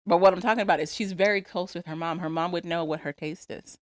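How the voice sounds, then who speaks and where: Sarcastic woman with a low voice. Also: steady tone, fast, dry recording, studio quality. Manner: opinionated, sarcastic, laughs often. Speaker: podcast co-host. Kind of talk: casual chat recapping reality TV.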